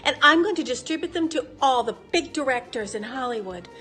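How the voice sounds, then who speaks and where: A woman's voice: sits high, expressive, a little fast, pushed and bright, faint music behind. A woman playing an eager young game show contestant who will do anything for Hollywood fame, gushing and over the top.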